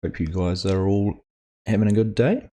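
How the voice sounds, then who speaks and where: An Australian man hosts a live game stream, chatting casually and greeting viewers in chat by name while he plays. His voice is lowish and dark in tone, at a normal speed.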